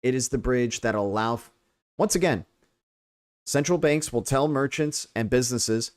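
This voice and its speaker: A man's voice: medium pitch, expressive, moderate pace. An American man hosting a casual livestream, rambling and checking in with "right?" as he explains. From United States. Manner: rambling, repeats "right?", many fillers. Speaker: crypto livestream host.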